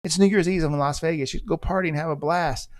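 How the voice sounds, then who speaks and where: A man's voice: a little high, steady tone, fast talker. A middle-aged man from the United States, a former police officer hosting a podcast, telling a story in a blunt, intense, profane way. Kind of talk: storytelling monologue.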